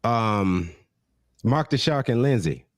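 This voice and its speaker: A man in his thirties from the American South, co-hosting a podcast in relaxed, slangy, blunt casual chat. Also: mid-range voice, slow pace, no room sound. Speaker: podcast co-host.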